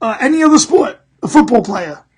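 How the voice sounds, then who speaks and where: Casting: middle-aged man, husky voice, animated storyteller who swears a lot. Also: extremely high pitch, brisk. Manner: animated, profane, laughing through story. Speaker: podcast host. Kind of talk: casual storytelling.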